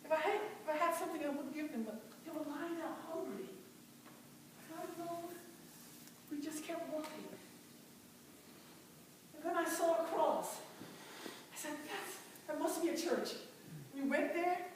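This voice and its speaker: A fervent, determined mother who was once enslaved speaks in an impassioned first-person stage monologue, played by a woman. Her high voice breaks often into cries of "oh." She sounds far from the mic in a very echoey church with a faint hum behind. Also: a little slow, long pauses. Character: devout formerly enslaved mother, fierce and determined. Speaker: church dramatic performer. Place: large church sanctuary.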